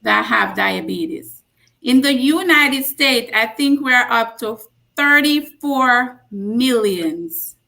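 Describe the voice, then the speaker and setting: A woman's voice: fairly high pitch, animated, gravelly. A woman in her forties from Jamaica, a nurse practitioner giving a casual health talk, telling stories with emphatic repeats. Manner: slow, warm storytelling with emphatic repeats. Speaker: guest speaker, nurse practitioner.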